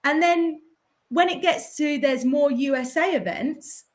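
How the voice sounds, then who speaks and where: British woman, fairly high voice, animated and persuasive guest. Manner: animated, persuasive, fast bursts. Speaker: guest, professional pool player. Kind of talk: casual podcast chat.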